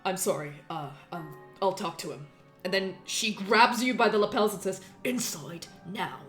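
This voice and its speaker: A woman's voice: medium pitch, moderate pace, a bit bright, faint music behind, natural voice. A woman voicing a stern, exasperated mother who heads her family. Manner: clipped, exasperated.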